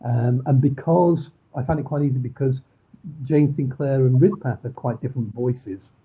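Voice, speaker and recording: A middle-aged man with a broad Manchester accent talks loosely about his work, circling back with ums and restarts. His voice is husky and comes through a narrow, phone-like video call. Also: mid-range voice, moderate pace. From Manchester, England. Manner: rambling, many ums and restarts. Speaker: crime novelist guest. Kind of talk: casual interview chat.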